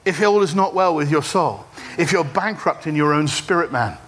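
A middle-aged man preaches to his congregation in a high, bright voice. He is animated and humorous and pulls the room into call-and-response. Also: moderate pace, slight background noise. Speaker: pastor. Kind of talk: sermon. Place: church service.

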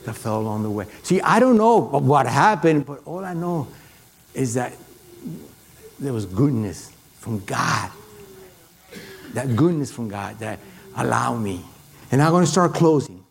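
A middle-aged man with a foreign accent preaching a sermon and telling a personal story in an animated way, with many halting restarts. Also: medium pitch, gravelly.

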